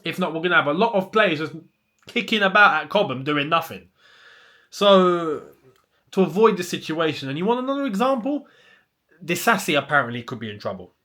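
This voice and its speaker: A man's voice: a little high, lively intonation, brisk, bright, forceful tone. A young man, hosting a casual football chat and ranting with plenty of rhetorical questions. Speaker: football channel host.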